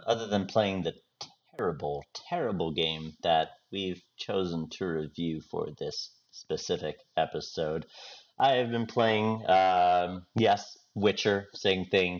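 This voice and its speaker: A man co-hosting a casual podcast in a very deep voice, joking around playfully. His recording sounds dull and lo-fi. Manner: jokey, playful. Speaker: podcast co-host. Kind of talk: casual chat.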